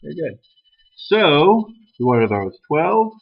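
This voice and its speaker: A man's voice: on the high side, very animated, slow, vocal fry, husky. A male math teacher leading a classroom lesson, talking casually and teasing his students. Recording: dull lo-fi classroom recording.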